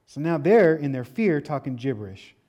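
A man's voice: fairly high pitch, sing-song, normal speed, lo-fi sound. A man preaching a sermon, asking rhetorical questions, reading scripture and dropping casual asides. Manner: preaching with rhetorical questions, rising to loud emphatic peaks. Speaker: pastor.

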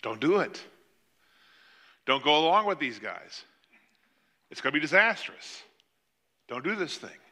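An older male preacher with a very bright, forceful tone, telling a scripture story like a chat with his congregation. His pitch swings widely as he slips into joking asides, and his voice sits a little higher than most men's. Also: sing-song, unhurried, pauses often. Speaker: pastor. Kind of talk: sermon.

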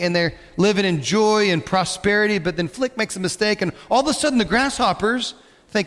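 A pastor's slightly high, fairly bright voice fills a church sanctuary with long hall reverb as he delivers his sermon a little fast. His style is conversational, and he poses questions to the people in the pews.

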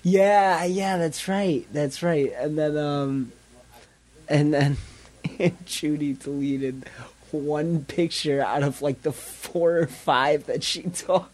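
A man's voice: a little high, fairly even intonation, slow, darkish tone. A young man co-hosting a podcast, chatting in a laid-back way and laughing at his own stories. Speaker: podcast co-host. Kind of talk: casual chat.

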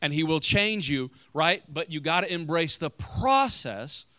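Bright, energetic preaching man. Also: on the high side, measured pace, dry recording. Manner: energetic preaching with sudden emphatic rises. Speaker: pastor. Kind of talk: sermon.

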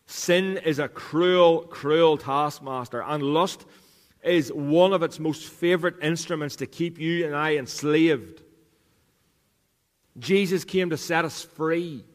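A man's voice: fairly high pitch, takes it slowly, in a large hall. A man preaching a sermon as pastor, earnest, repeating key lines for emphasis. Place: church.

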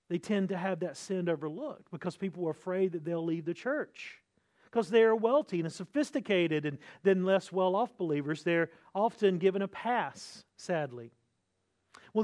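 A man's voice: sits high, expressive, normal speed, darkish tone. A man, a pastor, preaching an earnest expository sermon with emphatic, repeated phrases.

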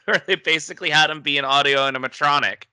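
A man's voice: on the high side, fast talker, sharp tone, clear, resonant tone, dry recording. A man co-hosting a casual podcast chat, retelling a movie plot with frequent laughs. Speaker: podcast co-host.

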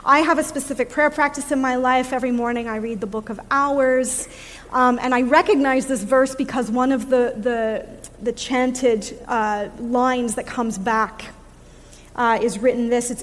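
A woman giving a sermon in a reflective way, pausing on fillers and laughing softly now and then, recorded in a church. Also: sits high, long reverb tail. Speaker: preacher. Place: church sanctuary.

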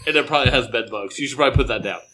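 A man's voice: mid-range voice, very fast, a crowd in the background. A man co-hosting a podcast, telling rambling, profane stories in casual chat.

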